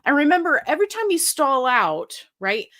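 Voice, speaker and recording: A middle-aged woman hosts a live question-and-answer stream, talking casually and warmly to her viewers. She reads their comments aloud and answers in a chatty, lively way. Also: high-pitched, moderate pace. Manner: chatty and animated, reads comments aloud, breaks into silly sung bits.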